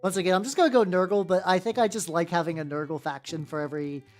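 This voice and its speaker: A woman's voice: fairly low pitch, fairly even intonation, fast, a little mellow, soft background music. A woman streamer chatting casually while painting miniatures, rambling and swearing, with lots of fillers and restarts.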